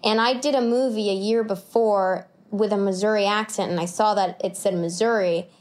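A woman in her twenties, an actor as an interview guest, telling stories in a chatty, animated way with lots of fillers and laughs. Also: medium pitch, moderate pace. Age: 20s. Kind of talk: casual conversational storytelling.

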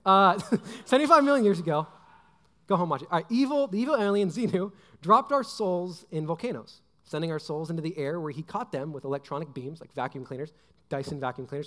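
A man's voice: on the high side, fairly bright tone. A young man preaching a casual, joking sermon, rambling with fillers and asides. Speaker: pastor. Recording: long hall reverb.

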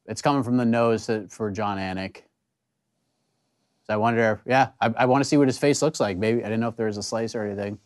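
A man co-hosting a live watch party, reacting to the action and shouting encouragement at the fighters. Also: on the low side, fairly quick. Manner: excitable, yells at the fighters.

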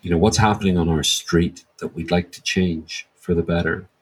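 Deep, husky-voiced reflective male guest. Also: fairly even intonation, normal speed, low-quality recording. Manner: reflective, searching for words, with fillers. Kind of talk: thoughtful interview answer.

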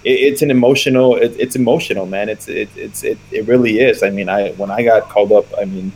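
A man's voice: fairly low pitch, steady tone, brisk, a little mellow, husky, low-quality recording. A man who plays pro baseball, talking earnestly about his dad in a casual chat. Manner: earnest, reflective.

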